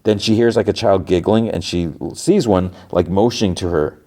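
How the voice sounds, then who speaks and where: Deep-voiced guy on a podcast, casual recap, lots of "like" and stumbles. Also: moderate pace, mellow. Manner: rambling, frequent "like" fillers and restarts. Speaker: podcast host.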